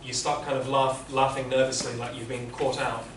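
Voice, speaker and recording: A man's voice: medium pitch, level tone, moderate pace, distant mic, noisy background. Man giving echoey classroom feedback. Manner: patient, explanatory, many restarts. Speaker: interpreting teacher giving feedback.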